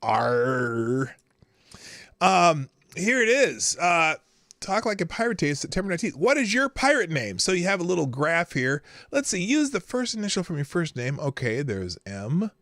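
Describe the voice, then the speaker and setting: A man's voice: high-pitched, sing-song, a little fast, fairly bright tone, no room sound, clean studio sound. A middle-aged man hosting a live morning show, rambling and joking and often stumbling over his words. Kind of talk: casual live commentary.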